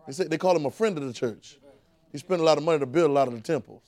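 A man's voice: a little high, racing, darkish tone, no echo. A man preaching a sermon in a conversational, vernacular way, with frequent restarts and call-and-response with the congregation.

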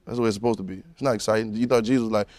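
A man preaching a sermon, moving from low musing to loud fervent preaching and calling out to the congregation. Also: fairly even intonation, racing, slight background noise. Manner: calls out to the congregation.

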